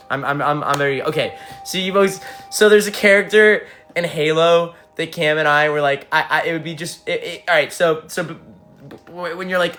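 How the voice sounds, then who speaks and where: A young man, a band frontman, chatting casually with fans on a livestream, excitable and swearing, jumping from topic to topic. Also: fairly high pitch, moderate pace, soft background music. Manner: excitable, swearing, hype-driven, jumps between topics. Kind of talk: casual livestream chat with viewers.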